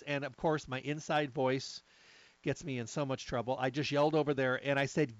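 A middle-aged man hosting a supplement talk, telling stories in a chatty, lively way. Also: medium pitch, brisk, dry recording, lo-fi sound. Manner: chatty storyteller, lively asides. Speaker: health supplement talk host. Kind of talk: casual monologue.

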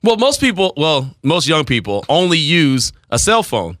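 A man's voice: a little high, big pitch swings, normal speed, fairly bright tone, no echo, studio quality. A man in his forties hosting a sports radio show, talking in teasing banter and laughing often. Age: 40s. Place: radio studio.

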